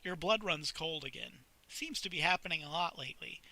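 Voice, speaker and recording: A man reads an interactive story aloud, dropping wry, amused asides along the way. His voice is fairly high and strikingly bright, sharp and forward. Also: animated, brisk, gravelly, hardly any pauses, no room sound, poor audio. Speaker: reader.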